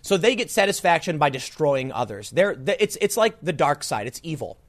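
A man's voice: very animated, brisk. A man delivering a political commentary monologue as a podcast host, incredulous and emphatic, often restarting his sentences. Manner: incredulous and emphatic, with frequent restarts and sharp swings in pitch.

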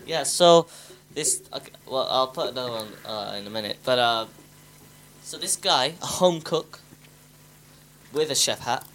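A man's voice: mid-range voice, animated, unhurried, fairly bright tone, a little hiss or hum. A man co-hosting a podcast with his sister, chatting hesitantly and teasing her dryly. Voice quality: hesitant, full of restarts, dry teasing. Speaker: podcast co-host. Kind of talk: casual chat.

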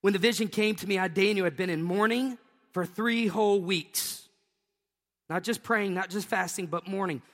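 A man's voice: high voice, moderate pace, a bit bright. A middle-aged man preaching a sermon as a pastor, telling stories with joking asides and laughing at his own jokes. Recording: long reverb of a large hall.

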